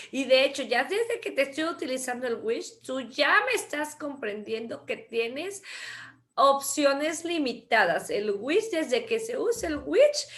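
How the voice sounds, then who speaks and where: A woman teaching an English grammar lesson over a video call, mixing in Spanish explanations and often checking in with her learners. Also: sits high. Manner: lively, repeats key words, asks rhetorical checks.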